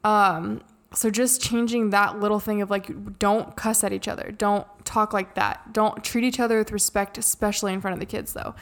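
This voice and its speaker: A young woman co-hosting a podcast, chatting casually and telling stories in an animated way. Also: mid-range voice, moderate pace, few pauses. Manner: chatty, animated storytelling with frequent laughs. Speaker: podcast co-host. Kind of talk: casual chat.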